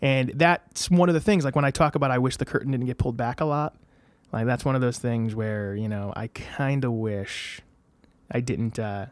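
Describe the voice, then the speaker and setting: An American man in a casual podcast interview, spinning anecdotes with bursts of energy and quick shifts in his voice when he quotes others. His voice sits at a middling pitch and sounds dry and close, with no room echo. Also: clear, resonant tone. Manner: animated, acts out quoted voices. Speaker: podcast guest.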